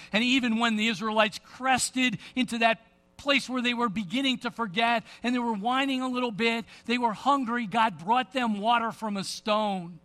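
A man preaching a sermon, retelling scripture in an animated storytelling way with casual asides. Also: high-pitched. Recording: long reverb of a big hall.

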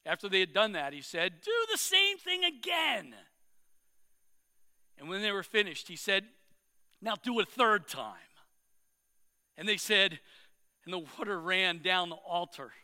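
A man's voice: high-pitched, bright, forceful tone, clean tone, in a large hall. A man preaching, retelling a scripture story dramatically with swelling emphasis.

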